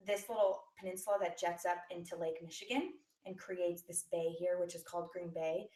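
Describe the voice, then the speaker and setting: Chatty young woman hosting a live webinar. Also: mid-range voice. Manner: chatty, friendly, many fillers, greets viewers by name. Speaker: webinar host. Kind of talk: casual live webinar chat. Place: at home. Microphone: own microphone on a live stream.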